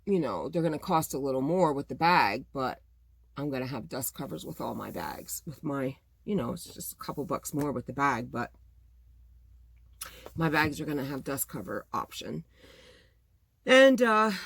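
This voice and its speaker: A woman's voice: sits low, a bit bright, no room sound. Chatty woman venting to camera, dry sound. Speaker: small-business vlogger. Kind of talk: casual chat to camera.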